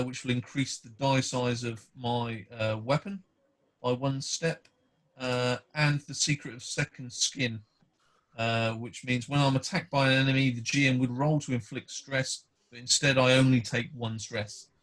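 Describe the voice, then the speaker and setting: A man's voice: medium pitch, fairly even intonation, a little slow, fairly bright tone. A polite man playing a tabletop role-playing game and reading the rules aloud. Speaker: player.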